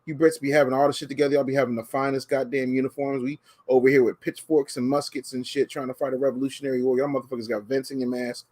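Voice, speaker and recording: A man's voice: mid-range voice, quick pace, hardly any pauses. A man co-hosting a comedy podcast, ranting profanely and animatedly in casual chat. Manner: profane, animated rants with quoted voices. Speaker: podcast co-host.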